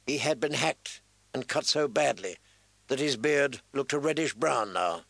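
In a mid-range voice, a man reads scripted audiobook narration with steady, measured storytelling. There is no room sound in the recording.

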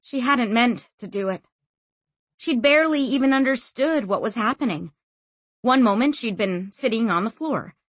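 A woman narrating a novel as an audiobook, expressive and acting out every figure. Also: mid-range voice, dry recording. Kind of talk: scripted narration.

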